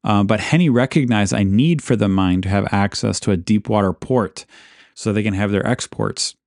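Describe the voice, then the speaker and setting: A man hosting a podcast, casually narrating local history in a relaxed, rambling way, with asides and self-corrections. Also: on the low side, moderate pace, vocal fry, no echo, studio quality. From Alaska. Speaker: podcast host.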